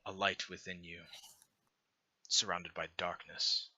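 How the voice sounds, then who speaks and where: A man's voice: deep voice, level tone, dull audio, pitched below the performer's own voice, heavily acted. A man playing a serene, solemn god on his throne. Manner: slow, hushed, solemn and welcoming. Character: serene godlike male being on a throne.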